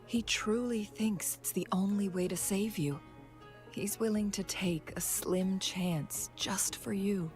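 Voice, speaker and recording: A woman voicing a calm, composed advisor figure in a game, measured and quiet, at times close to a whisper. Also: medium pitch, soft background music, lightly acted. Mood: gentle. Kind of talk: game character dialogue.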